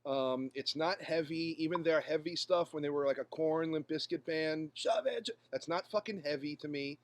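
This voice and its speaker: A man's voice: a little high, steady tone, normal speed, dry recording. A man co-hosting a casual podcast, blunt, crude and opinionated. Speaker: podcast co-host. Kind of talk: casual chat.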